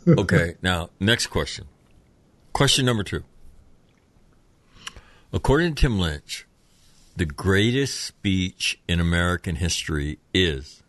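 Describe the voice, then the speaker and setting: A man hosting a podcast in casual chat, quizzing his guests and teasing them in a measured way. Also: low voice, expressive, fairly bright tone, no room sound. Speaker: podcast host.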